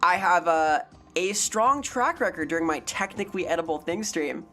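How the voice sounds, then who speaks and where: A young woman hosting a live stream, her voice sitting on the lower side for a woman. She rambles and jokes with a playful, off-the-cuff manner, reading out chat as she goes. Soft music plays faintly behind her. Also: lively intonation, brisk. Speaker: variety streamer.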